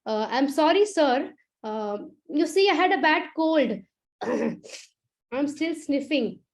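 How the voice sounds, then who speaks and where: A woman's voice: sits high, animated, slow pace. A woman storyteller voicing a nervous young woman who stammers and hesitates with many fillers. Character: nervous young woman student, timid and halting.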